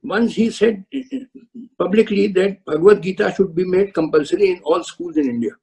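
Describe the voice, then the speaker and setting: A man's voice: high voice, normal speed, vocal fry, mellow, slightly rough, rough recording. An older man, a retired judge, firmly lecturing law students over a video call, with frequent uh and um. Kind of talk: webinar answers to student questions.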